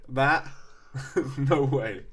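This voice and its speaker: Relaxed young man in casual banter. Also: medium pitch, extremely slow, noisy background. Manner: relaxed, matter-of-fact, joking. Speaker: co-host. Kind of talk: casual chat reacting to clips.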